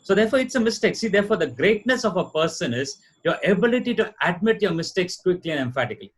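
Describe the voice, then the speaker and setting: Casting: middle-aged Indian man, husky and fairly high voice, earnest trainer who repeats his points. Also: very animated, fast talker. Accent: Indian English. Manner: earnest, repetitive, emphatic explaining. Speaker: guest speaker, corporate trainer. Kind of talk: lecture-style talk show answer. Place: live event before an audience.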